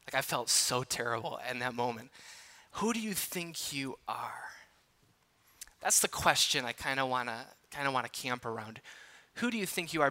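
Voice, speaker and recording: A man in his thirties from Wisconsin preaching a sermon, telling a personal story in an animated, conversational, self-deprecating way. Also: fairly high pitch. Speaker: pastor. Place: large church hall.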